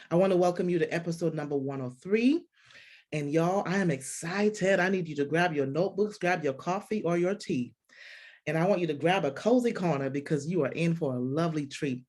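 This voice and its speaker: A woman hosting a faith-based podcast interview, effusive and full of restarts. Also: deep voice. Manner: warm, effusive, with frequent restarts. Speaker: podcast host.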